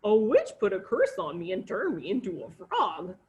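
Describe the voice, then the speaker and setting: A woman doing a croaky talking frog. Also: medium pitch, wildly swooping pitch, normal speed, dark tone. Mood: wheedling. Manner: wheedling, coaxing. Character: cheeky enchanted male frog, a cursed prince.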